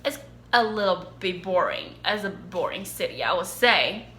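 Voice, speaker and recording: A young woman from China with a Chinese accent, chatting casually in a question-and-answer vlog, animated and quick to laugh. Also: lowish voice, roomy sound, slight background noise. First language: Mandarin Chinese. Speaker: vlogger. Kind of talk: casual Q&A chat.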